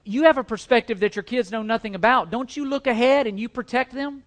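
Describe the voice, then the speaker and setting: A male pastor preaching a sermon. He repeats lines for emphasis, swings between loud stresses and quiet ones, and stumbles over words at times. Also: extremely high pitch, fairly quick. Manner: emphatic and repetitive, building to loud stresses then dropping quiet.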